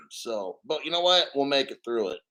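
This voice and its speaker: A man's voice: mid-range voice, lively intonation, moderate pace, bright, forceful tone. A man hosting a casual crypto livestream, a little out of breath, rambling and joking loosely as he reads donations.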